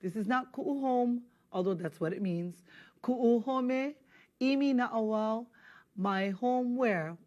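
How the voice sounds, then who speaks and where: A woman teaching a language lesson in a studio, patiently spelling out words and slowing down so viewers can repeat after her. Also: on the high side, darkish tone, dull audio. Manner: patient, drills words slowly for repetition.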